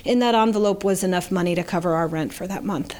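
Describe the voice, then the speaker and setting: A woman's voice: lowish voice, fast talker, a little mellow. A middle-aged woman, an interview guest, telling a personal story in an earnest, heartfelt way with small restarts.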